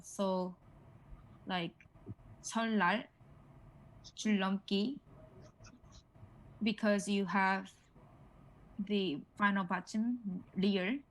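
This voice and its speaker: A woman's voice: medium pitch, poor audio. Woman tutoring pronunciation. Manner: explains haltingly with many "like" and "um", models words for repetition. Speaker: Korean language tutor. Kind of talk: casual one-on-one language lesson.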